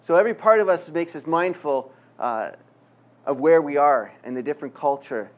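A man's voice: a little high, moderate pace. A man from a ministry center speaking informally to a Christian gathering, conversational with dry humorous asides. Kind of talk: informal talk to a Christian audience.

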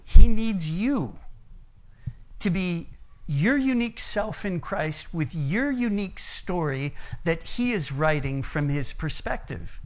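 A man's voice: a little high, animated, a little slow. A middle-aged American man preaching a sermon, telling personal stories in an earnest way. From United States. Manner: earnest storytelling, varies loudness and pace.

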